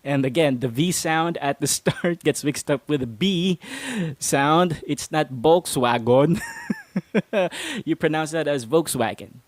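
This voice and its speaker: A man hosts a casual English pronunciation lesson, playfully drilling listeners and chuckling often. His voice is fairly high and his pace measured, with no room sound.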